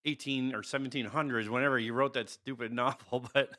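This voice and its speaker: A man with a bright, forceful voice riffing on a podcast at a mid pitch. He cracks sarcastic jokes and swears casually between points. The chat stays loose and conversational. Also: steady tone, a little fast. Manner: joking, sarcastic, swears freely. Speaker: podcast co-host.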